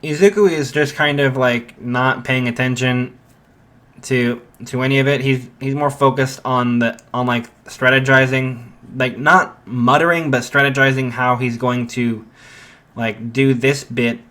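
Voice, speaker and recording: A man's voice: mid-range voice, steady tone, measured pace, bright, forceful tone. A young man casually retelling a fan story, rambling with many fillers and restarts.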